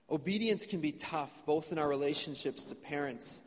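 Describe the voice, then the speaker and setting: A man's voice: on the high side, moderate pace. A man preaching a sermon as pastor, earnest and conversational, in a church sanctuary. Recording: long church reverb.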